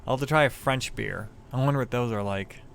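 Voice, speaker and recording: A man's voice: medium pitch, brisk, gravelly, fairly bright tone, slight background noise. Rambling Midwestern man streaming a game. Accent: Midwestern American. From American Midwest. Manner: rambling, profane, chatting to viewers. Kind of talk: casual live-stream chat.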